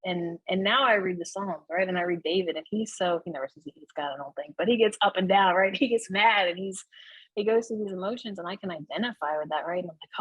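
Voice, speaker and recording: A woman speaks candidly as an interview guest, her low voice slightly husky. She talks in an animated, conversational way and checks in with "right?" as she goes. The sound is dry and close. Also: fast, dry recording, rough recording. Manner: animated, frequent "right?" tags and laughs. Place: Florida.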